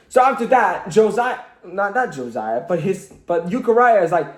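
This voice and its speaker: A man's voice: high voice, sing-song, moderate pace, roomy sound. A man recapping a cartoon casually, rambling and joking with lots of fillers. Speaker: cartoon reviewer.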